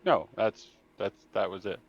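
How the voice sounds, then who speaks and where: Slow-talking male player, dull sound. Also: fairly low pitch, expressive. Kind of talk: tabletop game play.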